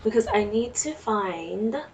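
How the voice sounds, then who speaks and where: Slow-talking gravelly woman with a Jamaican accent. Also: mid-range voice, lively intonation, a little mellow. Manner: chatty, exclaims at the game. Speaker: let's play streamer. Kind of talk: casual gameplay commentary. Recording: distant mic with faint noise.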